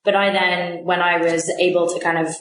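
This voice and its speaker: English woman podcast cohost, lowish voice, rambly thoughtful chat, echoey room with faint hiss. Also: level tone, moderate pace. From London. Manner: reflective, talks in long winding sentences. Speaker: podcast co-host. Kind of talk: casual conversation.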